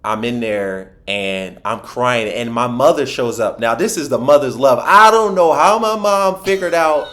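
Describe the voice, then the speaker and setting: A man from Philadelphia recounts his own story as a podcast guest. He talks at a middling pitch, restarts often and acts out what people said along the way. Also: measured pace, few pauses, fairly bright tone. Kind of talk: personal storytelling in a podcast interview.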